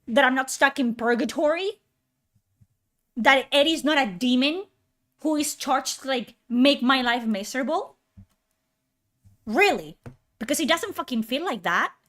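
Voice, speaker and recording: A woman's voice: sits high, animated, a little slow, long pauses, fairly bright tone. A woman ranting through a reaction video, sarcastic, incredulous and full of swearing. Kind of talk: exasperated ranting commentary.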